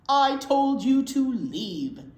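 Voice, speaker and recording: A woman voicing a grumpy, exasperated male bear who bursts out with loud, outraged cries. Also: high voice, extremely slow, voice pushed up. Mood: cross. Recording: roomy echo.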